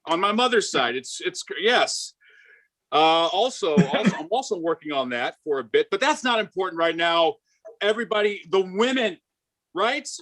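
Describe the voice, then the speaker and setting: A man in his forties doing a stand-up set, hyper and animated, often stammering and restarting his lines. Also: high voice, normal speed. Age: 40s. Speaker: stand-up comedian.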